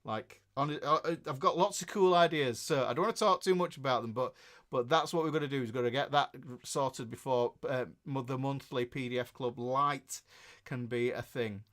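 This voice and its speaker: A man's voice: medium pitch, normal speed, a bit bright. A man with a northern English accent hosting a guitar livestream, rambling chattily as he reads out viewer comments. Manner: rambling and chatty, with many fillers and restarts. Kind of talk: casual livestream chat, reading out viewer comments.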